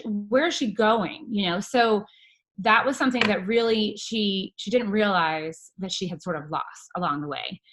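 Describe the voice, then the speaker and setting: A woman's voice: mid-range voice, a bit bright. A woman casually presenting a recap to her team over a video call, chatty and rambling with lots of fillers.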